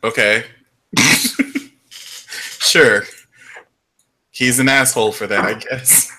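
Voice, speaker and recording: Bright-voiced wisecracking man. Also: mid-range voice, fairly even intonation, slow pace, poor audio. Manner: incredulous, wisecracking remarks. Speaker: podcast co-host. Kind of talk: casual chat.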